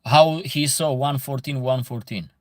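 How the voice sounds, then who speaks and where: In a dry recording, a man with an Albanian accent speaks a little slowly in a medium pitch. He hosts casual live commentary, replying to viewer comments with emphasis and repeated phrases for stress.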